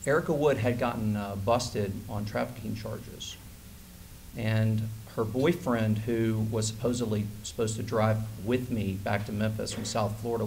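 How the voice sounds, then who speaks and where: A man in his forties giving a conference keynote, telling a personal story with lively, acted-out dialogue. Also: lowish voice, vocal fry, slight background noise. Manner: animated storyteller who acts out quoted dialogue. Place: conference hall stage.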